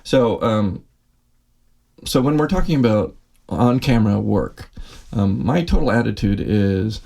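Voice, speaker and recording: A middle-aged man from the United States, chatting as a podcast guest about acting, animated and quick to laugh. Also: fairly low pitch, vocal fry. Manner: animated, laughs often, jokey. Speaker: podcast guest, actor and filmmaker. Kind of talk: casual conversation.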